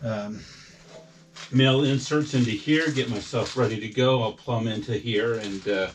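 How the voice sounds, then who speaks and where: A man's voice: mid-range voice, moderate pace. A man narrating a home how-to project as he works, casual and rambling with lots of fillers. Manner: rambling, filler-heavy, thinking aloud. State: a bit out of breath at times. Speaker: DIY homeowner vlogger.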